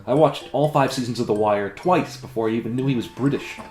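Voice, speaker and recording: A man's voice: medium pitch, fairly quick, darkish tone, echoey room, soft background music. A man in a comedy sketch, talking in a dry, sarcastic and critical way. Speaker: comedy video creator. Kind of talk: comedic self-debate sketch.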